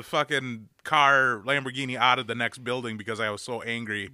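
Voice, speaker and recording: A man in his thirties rants his way through a casual podcast chat, peppering everything with profanity and bursting into loud mock yells. His voice is bright and tense. The sound is dry and close. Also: medium pitch, steady tone, brisk, smooth, dry recording. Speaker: podcast co-host.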